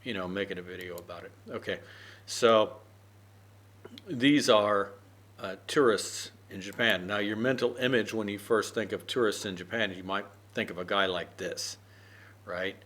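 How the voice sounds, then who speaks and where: A man's voice: on the low side, moderate pace, a bit bright. A man explaining an English idiom with loose personal stories, rambling with many fillers and asking "right?" often. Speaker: English teacher. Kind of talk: unscripted idiom lesson.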